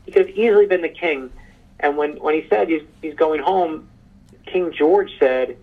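A man being interviewed as an author on a podcast, telling stories in an animated, emphatic way over a remote call. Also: fairly high pitch, normal speed, narrow, tinny audio. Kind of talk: casual interview chat.

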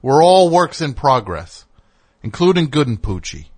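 A man's voice: low voice, measured pace, a little mellow, breathy edge. A man hosting a comedic call-in radio show, ranting in a rambling, indignant way.

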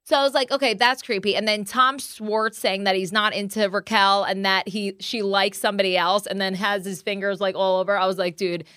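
A young woman hosting a casual podcast chat. She talks in an animated way and acts out quotes with big jumps in pitch. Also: fairly quick, few pauses, no room sound, clean studio sound. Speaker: podcast host.

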